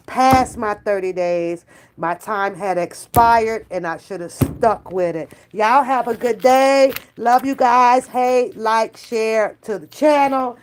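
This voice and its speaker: A woman's voice: medium pitch, a little hiss or hum. A woman hosting a casual reaction vlog, slangy and emphatic, with frequent laughter. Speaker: reaction channel host.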